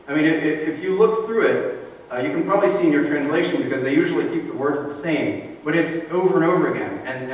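A man preaching in a church, talking to the congregation in an easy, conversational tone. His voice comes from some distance in a big, echoing hall, and a faint hiss sits under it. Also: fairly high pitch. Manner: conversational, explanatory, acts out quoted voices. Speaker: pastor. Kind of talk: sermon. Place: church sanctuary. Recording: roomy echo from a distant mic with faint noise.

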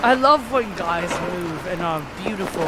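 A woman's voice: fairly low pitch, animated, normal speed, noisy background, natural voice. Woman doing a chummy young British lad. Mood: eager. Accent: put-on British.

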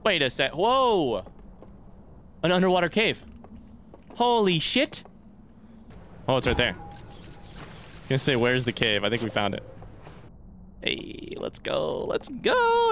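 A man's voice: mid-range voice, fairly bright tone. A young man giving casual let's play commentary on a blind playthrough, swearing freely and gasping or shrieking when startled. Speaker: gaming YouTuber.

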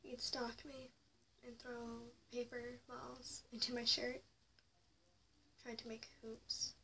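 A woman's voice: a little high, completely flat delivery, takes it slowly. A young woman telling a personal story to camera, often dropping to a whisper and rising sharply in anger. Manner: confessional, swings between hushed whispers and raised anger. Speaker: vlogger. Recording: slightly distant mic with faint noise.

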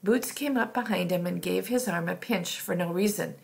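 Woman reading a storybook, gravelly voice. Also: lowish voice, normal speed. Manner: plain reading with occasional slips and restarts. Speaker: audiobook reader. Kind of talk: storybook narration.

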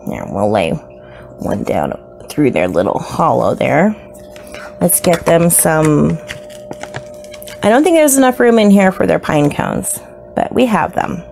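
A woman's voice: low-pitched, sing-song, takes it slowly, gravelly, long pauses, a little mellow, soft background music. A woman narrating a casual unboxing of her new pets, gushing and slipping into baby talk. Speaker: isopod hobbyist vlogger.

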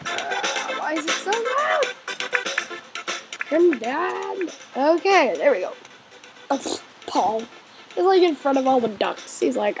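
Woman let's-play host: high voice, bouncy pitch, unhurried delivery, excitable cheering, occasional whispers. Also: faint music behind. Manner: chatty and excitable, cheering on her game character; drops into whispers now and then. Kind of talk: gaming commentary.

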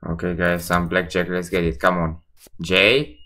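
Male streamer, bright forward tone, swearing and exasperated live gambling commentary. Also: sits low, flat delivery, a little slow.

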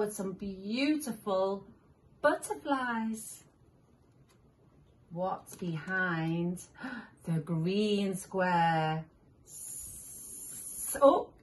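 A woman with a medium-pitched voice reads picture books aloud to young children, animated throughout, making animal sounds and asking the listener questions.

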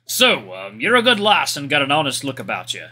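A man voicing a gruff, boastful old male hyena father in a folksy, pirate-like drawl. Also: mid-range voice, huge pitch swings, a little fast, bright, forceful tone, exaggerated voice. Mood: hearty.

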